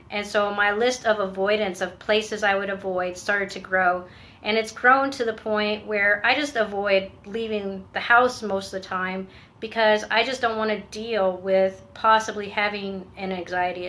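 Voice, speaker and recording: Earnest woman speaking candidly and haltingly. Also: medium pitch, a bit bright. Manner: earnest and reflective, halting with fillers and restarts. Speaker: veteran finishing a PTSD treatment program. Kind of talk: candid personal vlog.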